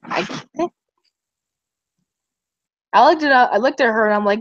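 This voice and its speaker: A woman's voice: a little high, normal speed, pauses often, dry recording. Giggly, rambling young woman streamer. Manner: rambling, giggly, tells stories with acted quotes. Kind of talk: casual chat. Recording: dull, muffled stream audio.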